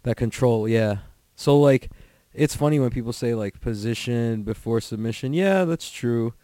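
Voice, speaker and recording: A man's voice: medium pitch, moderate pace, dark tone, no room sound. A man hosting a podcast alone, chatting casually in a rambling, profane way full of "like" fillers. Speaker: podcast host. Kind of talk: casual solo podcast chat.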